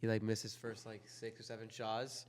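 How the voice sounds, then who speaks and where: A man co-hosting a casual podcast interview, relaxed and agreeable, with quick interjections. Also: lowish voice. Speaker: podcast co-host.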